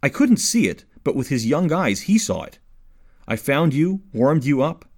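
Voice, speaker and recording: A man voicing a kindly, calm rabbi. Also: on the high side, normal speed, voice pushed up. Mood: reassuring. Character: kindly middle-aged rabbi, calm and reassuring.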